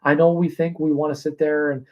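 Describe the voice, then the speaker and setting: A man working as a dog trainer, giving calm, practical advice on a live stream, pausing often with fillers. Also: fairly high pitch. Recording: slightly muffled stream audio.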